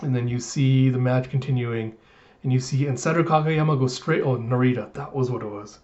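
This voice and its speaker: A man recapping a comic chapter in casual chat, rambling and hesitant with many pauses. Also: mid-range voice, fairly even intonation, darkish tone, dull audio. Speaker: manga reviewer.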